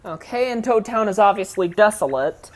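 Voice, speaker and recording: A woman's voice: medium pitch, lively intonation, moderate pace, soft background music. A woman giving casual, rambling let's play commentary, frank and often correcting herself.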